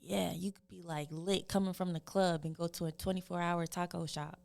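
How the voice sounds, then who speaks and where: A woman in her twenties with a Californian accent tinged with Southern, chatting casually as a guest, relaxed with many pauses and fillers. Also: fairly low pitch, vocal fry. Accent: Californian mixed with Southern. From family from California, living in the Carolinas. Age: 20s. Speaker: guest musician. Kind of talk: casual interview chat.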